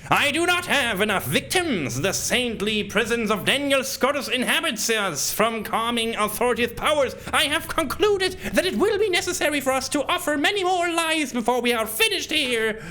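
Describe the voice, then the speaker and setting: A man's voice: very high-pitched, big pitch swings, moderate pace, hardly any pauses, bright, forceful tone, slight background noise, voice pushed up, heavily acted. A man putting on a crazed, possessed occultist. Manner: theatrical, overwrought reading. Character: deranged male occultist hungry for more victims. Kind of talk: dramatic reading of game text.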